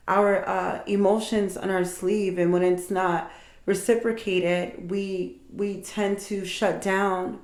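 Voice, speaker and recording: A woman, likely middle-aged, giving an intuitive tarot reading and speaking warmly and directly to her listeners as if comforting them. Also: mid-range voice. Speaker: tarot reader. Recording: echoey room.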